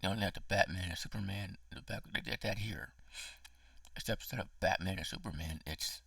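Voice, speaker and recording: A low, gravelly man rants through a casual movie review, swearing and getting worked up, sometimes dropping into a hoarse whisper. His voice is bright and edgy but husky, and the sound is dry, from a mic set back a little. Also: fairly quick, dry recording, far from the mic. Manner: emotional, profane, dramatic ranting with whispered asides. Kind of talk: casual spoken film review.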